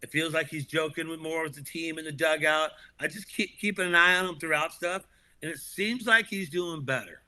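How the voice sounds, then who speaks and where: This man's voice is very bright and forceful, a touch high for a male speaker, and he talks briskly. He's a podcast co-host on a laid-back sports show, lively in manner, frequently laughing and starting sentences over.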